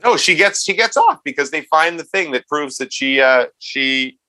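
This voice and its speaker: Guy co-hosting a pod, bright bouncy voice, teasing his buddies, dry close sound. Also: a little high, lively intonation, moderate pace, no room sound. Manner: exasperated, teasing, rambling. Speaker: podcast co-host. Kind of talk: casual chat.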